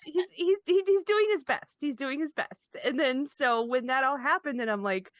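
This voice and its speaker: A woman's voice: high voice, normal speed, fairly bright tone, no echo. A woman co-hosting a podcast in casual chat, rambling and self-deprecating, laughing often. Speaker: podcast co-host.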